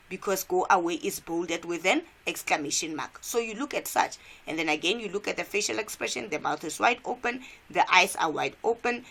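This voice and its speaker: A woman's voice: on the low side, fairly bright tone. A woman from South Africa, an English teacher, walking students through a cartoon step by step in a revision lesson and asking them questions.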